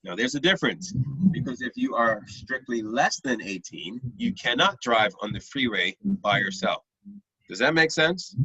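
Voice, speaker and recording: Patient teacher on a muffled video call. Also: male voice, medium pitch, animated, moderate pace, bright, forceful tone, husky, no echo. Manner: patient, checks understanding often. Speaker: math teacher. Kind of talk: online class lesson. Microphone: computer mic on a video call. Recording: dull, lo-fi video call audio.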